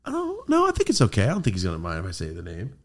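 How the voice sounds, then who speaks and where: A man hosting a podcast, telling a story in casual chat, animated and swearing a lot. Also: fairly low pitch, racing. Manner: animated, swearing, quoting friends in put-on voices. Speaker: podcast host.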